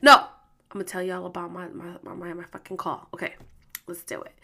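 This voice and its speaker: A young adult woman vlogger with a fairly low voice talks fairly quickly, telling a story in a casual vlog. She's animated and slangy, swearing freely as she addresses her viewers.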